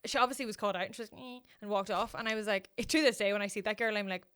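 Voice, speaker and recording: Fast, animated woman, podcast co-host, swears freely. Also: medium pitch, smooth. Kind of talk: casual chat, storytelling.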